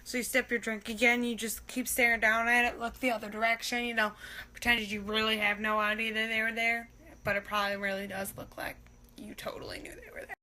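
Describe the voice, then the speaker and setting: A young woman with a high, bright voice doing a comic monologue. She talks casually, swears freely and acts out her inner thoughts in quick asides. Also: level tone. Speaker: comedian.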